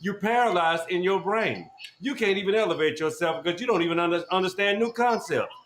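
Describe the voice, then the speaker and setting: A high-voiced man hurls taunts at a caller on an online group call, repeating the same jab again and again. His voice bounces around in a roomy, echoing sound. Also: a little fast, a little hiss or hum. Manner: loud, mocking, repeats insults over and over. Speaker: podcast host. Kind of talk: heated argument on a group call.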